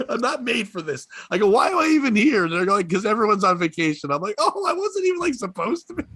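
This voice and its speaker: A man's voice: sits high, very animated, fairly quick, fairly bright tone, slightly rough, no echo. A young adult man telling rambling, profane comedic stories in casual chat, laughing often. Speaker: podcast guest storyteller.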